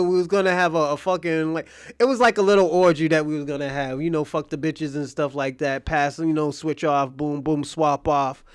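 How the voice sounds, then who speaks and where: High-voiced man telling crude laughing stories. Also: clear, resonant tone, no echo, clean studio sound. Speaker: live stream host. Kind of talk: casual live stream talk.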